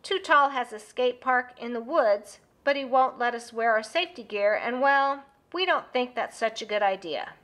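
A woman's voice: fairly high pitch, normal speed, hardly any pauses, fairly bright tone, lightly acted. A woman voicing an eager young boy bear cub who talks in an earnest way.

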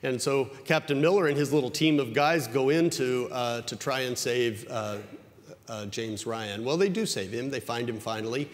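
A male pastor giving a conversational sermon that climbs higher in pitch when he stresses a point. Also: moderate pace. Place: church sanctuary. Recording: church hall with long reverb.

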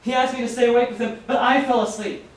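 Male actor as a remorseful apostle, high voice, distant echoey school hall with hiss. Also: fairly even intonation, fast. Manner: anguished, self-questioning. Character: remorseful male apostle, a friend who denied his master. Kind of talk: stage play monologue.

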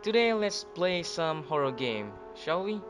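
A male gaming video host giving casual let's-play commentary, jumpy and excitable, yelping when scared. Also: a little high, measured pace. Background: game music.

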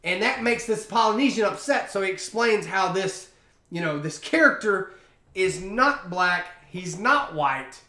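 Sitting high in pitch, this young man's voice is animated and sharp, moving at a measured pace. He's hosting a podcast and chatting loosely and offhandedly over a beer, recorded with an echoey room sound.

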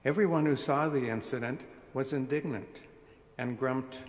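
A man reads scripture at an unhurried, careful pace. His voice carries through a roomy church sanctuary, and a long reverb trails after each phrase. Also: medium pitch. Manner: measured, deliberate reading. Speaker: scripture reader. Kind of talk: scripture reading at a church service.

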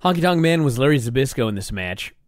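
A man's voice: medium pitch, animated, no echo. Musing man debating wrestling, dry close sound. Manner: musing, argumentative, quick to react. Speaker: podcast co-host. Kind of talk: casual wrestling discussion.

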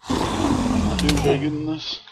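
A man's voice: medium pitch, huge pitch swings, normal speed, gravelly. A man commenting casually on a game he is playing, talking to his viewers and letting out frustrated outbursts. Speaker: gaming commentator. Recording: loud background noise.

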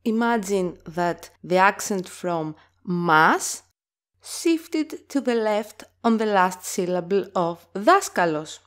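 Slow, lively woman teaching a lesson. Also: mid-range voice. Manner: slow, careful explaining with clearly sounded example words. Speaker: language teacher. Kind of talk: language lesson.

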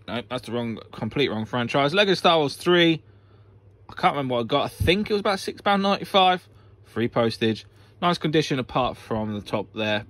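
A man chats through a casual vlog, wound up and playful. He cracks jokes and mutters asides to himself, in a voice that is neither high nor low. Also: a bit bright, no echo. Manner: hyper, jokey, talks to himself. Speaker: online reseller vlogger. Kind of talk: casual vlog while packing orders.

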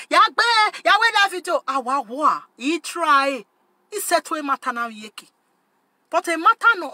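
A woman's voice: high voice, bright, forceful tone, dry recording. A woman hosting her channel, talking emphatically and switching between Pidgin English and Yoruba, repeating phrases for force. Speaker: channel host. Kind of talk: animated direct-to-camera rant.

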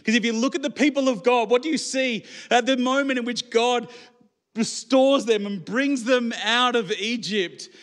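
High-voiced preacher. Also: male voice, moderate pace, a bit bright. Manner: conversational, rhetorical questions to the congregation. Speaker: pastor. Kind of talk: sermon. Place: church.

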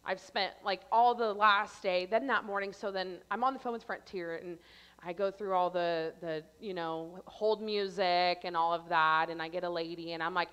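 A young adult woman giving a sermon at church, telling a personal story in an animated way and acting out her own panicked lines. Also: fairly low pitch, normal speed, clean tone. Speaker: church speaker.

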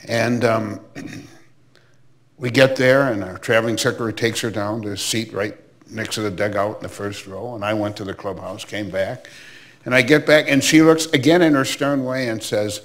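A man's voice: on the low side, fairly even intonation, normal speed. An older man from Milwaukee, a former baseball commissioner, telling anecdotes in an interview with chatty asides. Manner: anecdotal, warm reminiscing with asides. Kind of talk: storytelling interview.

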